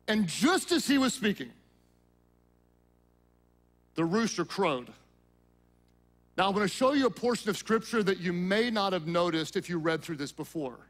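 A male pastor preaching a sermon, acting out Bible scenes in voices and dropping to a low hush at solemn moments. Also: lively intonation, moderate pace.

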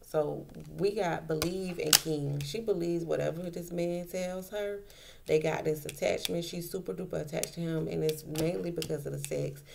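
Low gravelly woman reading tarot. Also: fairly even intonation, normal speed, noisy background. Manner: repetitive, emphatic, colloquial. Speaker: tarot reader.

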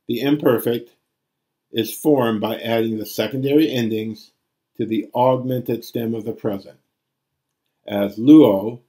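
Guy doing a slow greek grammar lecture, kinda low dark voice, reads out the forms one by one. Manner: deliberate, recites forms aloud. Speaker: Greek teacher.

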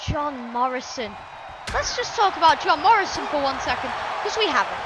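Excitable lady yelling play-by-play over her game, super high bouncy voice. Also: normal speed. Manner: excitable, often shouting and exclaiming. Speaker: gamer commentating a wrestling game. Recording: game music and crowd noise behind.

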